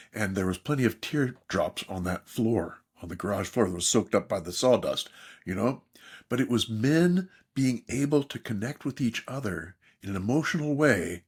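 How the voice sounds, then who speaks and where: A man's voice: on the low side, husky. An older man, a therapist and author, speaking as a podcast guest in an emphatic storytelling manner. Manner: animated, emphatic storyteller, mimics others in quotes.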